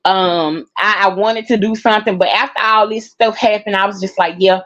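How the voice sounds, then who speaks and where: A woman's voice: medium pitch, fairly even intonation, normal speed, a bit bright. Tired woman chatting to her viewers. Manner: heartfelt, rambling, addresses viewers as y'all, laughs through tiredness. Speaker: vlogger. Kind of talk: casual personal talk to viewers. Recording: dull lo-fi sound.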